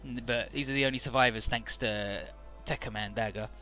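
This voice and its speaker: Host read: casual, profane game narrator, sharp bright tone, soft music bed. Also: male voice, medium pitch, steady tone, fairly quick. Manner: profane, offhand. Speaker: let's play host.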